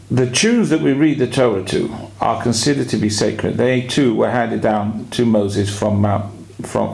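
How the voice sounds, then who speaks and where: Gravelly-voiced man giving a sermon. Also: mid-range voice. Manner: measured, explanatory teaching with drawn-out pauses. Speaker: rabbi.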